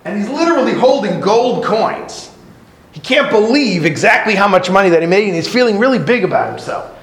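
A man giving a sermon as a religious teacher, telling a parable in an animated, conversational way. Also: high-pitched, a little fast. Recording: very echoey room, faint noise.

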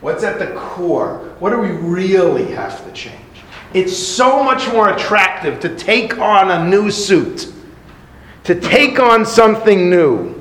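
A man giving a sermon as a religious teacher, telling a parable in an animated, conversational way. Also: a little high. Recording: very echoey room, faint noise.

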